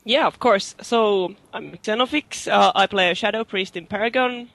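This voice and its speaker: A man's voice: sits high, normal speed, creaky, fairly bright tone, dry recording. A man guest in a casual voice-chat interview, chatty and laughing between phrases. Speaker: guest, guild raider.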